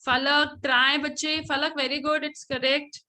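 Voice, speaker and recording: A woman's voice: high voice, level tone, unhurried, bright, forceful tone, poor audio. A woman teacher with an Indian English accent, leading an online English class and encouraging her students, sometimes switching into Hindi. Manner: encouraging, mixes in Hindi phrases.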